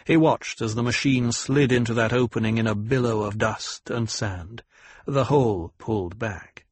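A man narrating a novel in a measured, even storytelling manner. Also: medium pitch, slightly rough, no echo. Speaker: audiobook narrator. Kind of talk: scripted narration.

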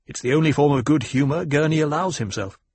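A man voicing a young rebel leader who speaks firmly and commandingly, in a husky voice. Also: fairly high pitch, quick pace, a little mellow, no room sound, pitched above the performer's own voice. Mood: assured. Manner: firm, commanding. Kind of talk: audiobook character voice.

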